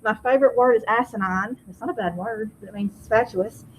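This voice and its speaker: A woman teaching a high school vocabulary lesson in a classroom, having students repeat each word. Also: quick pace, slight background noise, poor audio. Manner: drills pronunciation, asks class to repeat words.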